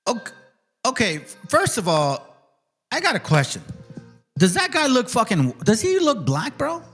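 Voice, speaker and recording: A man's voice: very high voice, measured pace, husky, soft background music. A man hosting a podcast in casual chat, talking bluntly and with plenty of swearing. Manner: blunt, profane, animated. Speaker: podcast host.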